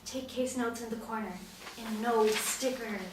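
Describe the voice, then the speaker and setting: A woman reading an earnest little girl detective who is brisk and bossy but gets tongue-tied around her crush, at a table read of a TV pilot. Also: a little high, steady tone, background noise, lightly acted. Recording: roomy, distant mic.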